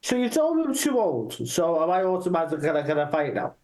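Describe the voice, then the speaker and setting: Someone doing a rambling grumpy old boomer. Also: big pitch swings, fast, a little mellow, close to an everyday voice. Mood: grumbling. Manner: rambling, gruff. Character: grumbling old boomer man, wartime memories.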